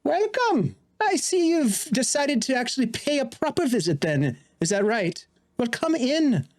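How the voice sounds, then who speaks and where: A man's voice: very high voice, sing-song, unhurried, darkish tone, pitched above the performer's own voice, heavily acted. A man voicing a sinister sorceress who poses as an old woman, sweet and mocking.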